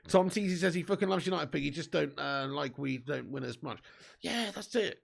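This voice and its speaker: Bloke streaming football from home, high gravelly voice, hyped and sweary. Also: male voice, normal speed. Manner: excitable, swearing, laughing banter with viewers. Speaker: football watch-along host. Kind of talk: live watch-along commentary and chat.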